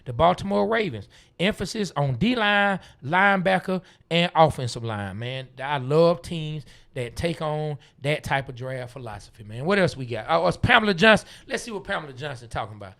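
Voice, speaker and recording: A man talks sports in a loose, lively way and breaks into laughs often. His voice sits a little high and sounds bright and forward. He riffs and jokes with his co-host. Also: moderate pace, creaky. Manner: animated, laughs often, drawling Southern slang. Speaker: podcast co-host. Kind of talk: casual sports talk.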